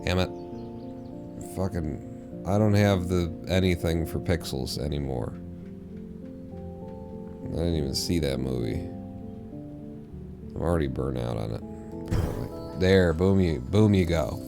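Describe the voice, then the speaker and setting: Man, gravelly, very low, casual streamer, profane rambling, faint background music. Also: slow pace, long pauses. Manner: rambling, profane, mumbling to himself. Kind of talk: casual live-stream gameplay chatter.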